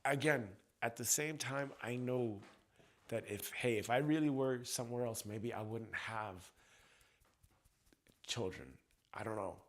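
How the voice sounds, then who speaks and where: A man, a tapping coach, talking through his anger in a raw, profane personal monologue that swings from ranting to quiet reflection. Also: mid-range voice, a little slow, long pauses.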